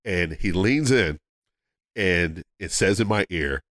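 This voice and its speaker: A man with a low voice tells a story in a loose, casual way. He jumps into the voices of the people he quotes. The sound is dry and close, with no room echo. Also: takes it slowly. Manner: animated, acts out quotes with big pitch jumps. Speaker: comedian guest.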